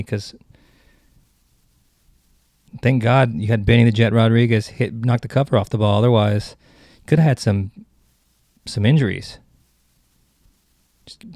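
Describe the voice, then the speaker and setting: Dude hosting a comedy podcast, mid-pitch and kinda gravelly, rambling and restarting his sentences. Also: darkish tone, no room sound, clean studio sound. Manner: rambling, self-interrupting, joking. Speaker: podcast host.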